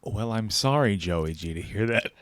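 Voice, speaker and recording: A man voicing a weary call-center worker who answers a customer in a slow, mock-serious, apologetic tone. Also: on the low side, lively intonation, dry recording, voice pushed down, natural voice.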